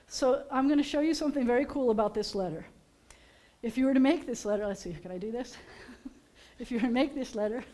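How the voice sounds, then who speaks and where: Woman rabbi, playful, chatty, many ums, slightly high voice. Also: a little mellow. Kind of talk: teaching Hebrew letters at a service. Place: synagogue sanctuary.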